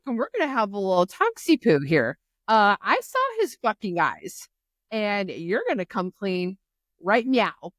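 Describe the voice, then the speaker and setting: A brash young man spits out curses and demands answers, as a woman puts him on. The voice sits higher and louder than her usual talk. The sound is dry and close. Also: no echo. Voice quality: loud and profane. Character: brash, cursing young male rider.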